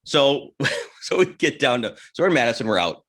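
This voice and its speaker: A man's voice: medium pitch, very animated, normal speed, fairly bright tone. A man co-hosting a casual podcast, telling a crude, rambling anecdote with many restarts. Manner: rambling, self-interrupting storyteller with crude humor. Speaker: podcast co-host. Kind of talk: casual storytelling chat.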